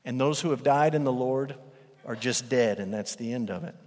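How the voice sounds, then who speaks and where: Male pastor, sermon delivery, emphatic and repetitive, mid-pitched, long hall reverb. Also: normal speed, a little mellow. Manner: emphatic, repeats phrases for weight.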